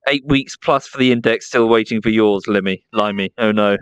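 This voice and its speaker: A man's voice: on the low side, normal speed, clean tone, no echo. A man with an Estuary English accent, chatting casually on his livestream, reading chat and talking fondly to his dog. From south of England. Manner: chatty, fondly baby-talks to his dog between remarks.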